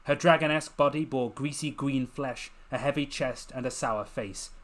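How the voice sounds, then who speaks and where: A man narrating his own fantasy novel in a measured, dramatic reading, lingering over descriptive phrases. His voice sits at a middle pitch, unhurried and deliberate. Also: fairly bright tone. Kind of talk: scripted narration.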